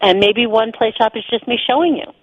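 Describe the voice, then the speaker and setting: Speaking a little high and a little fast with a husky quality, this woman, a guest sexuality teacher on the radio, explains ideas conversationally, full of fillers and restarts. The dry recording has a slightly dull, lo-fi radio character.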